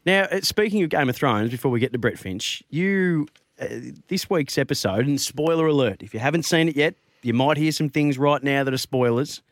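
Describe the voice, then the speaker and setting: A man's voice: on the high side, animated, fairly quick, dry recording, clean studio sound. A man hosting a sports radio show, jokey and teasing, laughing often. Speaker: radio host. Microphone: studio mic.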